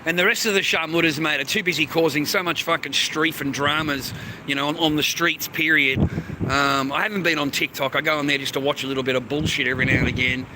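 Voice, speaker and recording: A man's voice: a little high, fairly even intonation, quick pace, background noise. An Australian man hosting a livestream, ranting crudely and profanely and calling everyone mate. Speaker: livestream host. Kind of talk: rambling livestream rant.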